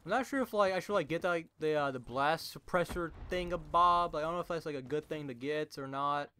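A young man gives live commentary as he plays, his voice bright and a touch high for a man. He is jumpy and excitable, calls out to his teammates and fills his sentences with "like". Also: brisk, slight background noise. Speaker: gaming channel host.

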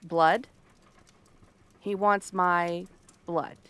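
A woman's voice: mid-range voice, expressive, a little slow, no room sound. A woman playing a sardonic cursed frog-girl princess. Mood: wary, probing. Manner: sarcastic, probing, dry. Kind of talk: ASMR role-play.

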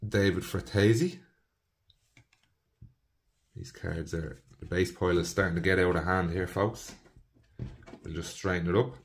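A young man with a slightly low voice talks his viewers through a box of trading cards. He rattles off player names one after another, chatting to them casually as he goes. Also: fairly even intonation, unhurried, pauses often. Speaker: trading card box breaker. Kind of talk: casual card-opening commentary.

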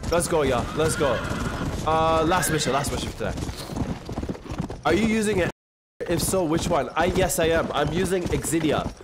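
A young man streaming a game live, loud and animated, swinging between shouting and low muttering as he talks to chat. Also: moderate pace, long pauses, very noisy. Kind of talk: live gameplay commentary.

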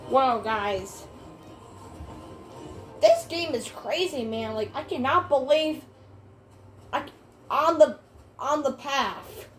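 A woman narrating a game she is playing, drawling slowly in a slightly high voice and breaking into excited yells. She keeps repeating "bro" and "man" in casual let's play commentary, with faint game music underneath. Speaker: gamer.

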